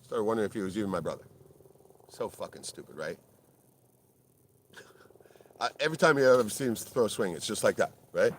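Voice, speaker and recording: A middle-aged man with a very low voice tells a rambling personal story full of swearing. He keeps checking in with "right?" and gets loud and worked up in bursts. A faint hum of room ambience sits behind him. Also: lively intonation, a little fast, long pauses. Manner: profane, blunt, keeps tagging "right?". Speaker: video creator.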